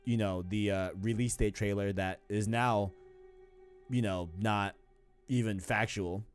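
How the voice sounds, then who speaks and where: A man's voice: on the low side, steady tone, unhurried, faint music behind. A man in his twenties with a New York accent, hosting a podcast in a rambling, slangy, casual way. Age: 20s. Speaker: podcast host. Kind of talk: casual chat.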